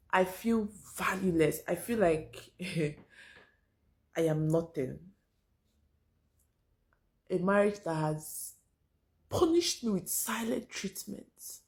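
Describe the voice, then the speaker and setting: Woman, gravelly low voice, emotional personal video, near tears, sinks to a whisper. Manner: pleading, voice dropping to near whisper. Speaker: mother leaving a marriage.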